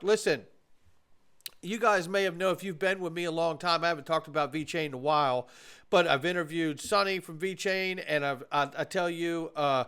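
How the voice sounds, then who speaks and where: A man's voice: a little high, fairly even intonation, normal speed, bright, forceful tone, clean tone. Emphatic man hosting a crypto channel. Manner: emphatic and opinionated, speaks directly to viewers. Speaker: host of a crypto commentary channel. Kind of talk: casual commentary.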